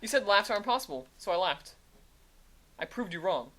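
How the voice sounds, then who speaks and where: A young woman co-hosting a casual podcast, quick, teasing and enthusiastic. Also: medium pitch, very animated, fairly bright tone. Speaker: podcast co-host.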